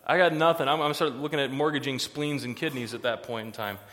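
A man's voice: medium pitch, steady tone, fast talker, a bit bright, big-room sound. A man pastor giving a sermon in a conversational way, with joking asides between the serious points.

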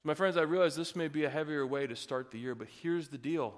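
A man's voice: on the high side, fast, long reverb tail. A man pastor delivering a sermon with folksy asides, building to emphatic, rising passages.

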